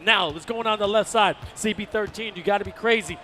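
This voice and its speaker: A man giving live video game basketball commentary, excitable and full of colorful quips, often bursting into shouts. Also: high voice, brisk, a little hiss or hum. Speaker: esports commentator.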